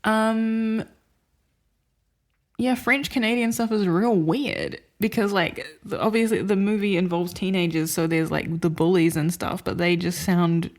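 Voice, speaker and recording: A woman's voice: medium pitch, steady tone, measured pace. Chatty woman podcast co-host. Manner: rambling, filler-heavy, laughs often. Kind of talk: casual chat reviewing films.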